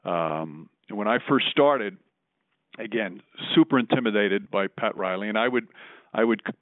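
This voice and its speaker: A man, a veteran sportscaster, recalling a story in a measured, thoughtful way as a podcast guest. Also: fairly low pitch, no echo. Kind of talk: relaxed interview storytelling. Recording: tinny phone-like line.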